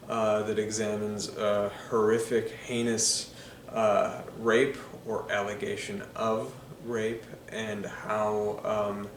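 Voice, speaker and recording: A man with a fairly low voice gives casual, enthusiastic film commentary, pausing often on ums and uhs. He sits a little back from the mic in an echoey room, with a faint hiss underneath. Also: far from the mic. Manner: enthusiastic, filler-heavy with frequent ums and uhs. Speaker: film reviewer. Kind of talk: casual spoken movie commentary.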